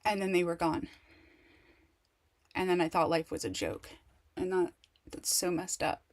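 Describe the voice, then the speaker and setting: A woman speaking in a lowish voice, talking straight to camera about her own life. She rambles and halts, restarting sentences and reaching for words. She stays candid and raw throughout. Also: animated. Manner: rambling, halting, many restarts and fillers; candid and emotional. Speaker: vlogger. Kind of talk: casual personal monologue.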